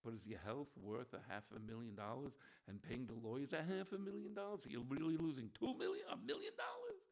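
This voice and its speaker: A man preaching a holiday sermon as a rabbi, animated, swinging between shouting and soft near-whispers. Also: medium pitch, quick pace, creaky. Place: room with bookshelves.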